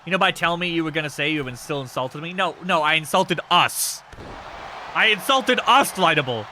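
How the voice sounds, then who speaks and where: A man hosting a live stream, giving casual commentary on a wrestling game with excitable, crude joking. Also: fairly high pitch, a little fast, slight background noise. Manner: excitable, crude and joking, yelps at big moves.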